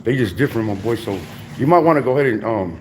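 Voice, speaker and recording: A man's voice: medium pitch, lively intonation, quick pace, a little mellow, a little hiss or hum, low-quality recording. A young man hosting his own livestream, talking in brash, profane, rambling street slang. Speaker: livestream host. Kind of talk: casual livestream banter.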